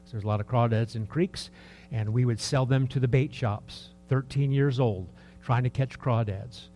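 A man in his early sixties preaching a sermon in a conversational, rambling way, full of rhetorical questions, dropping to soft asides and rising for emphasis. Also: mid-range voice, normal speed, faint music behind. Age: 60s. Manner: lively, swings between soft asides and raised emphasis. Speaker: pastor.

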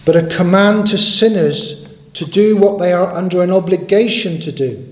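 A man's voice: sits high, normal speed. Earnest preacher man in an echoey room. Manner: earnest, emphatic, repeats key phrases. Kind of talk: sermon.

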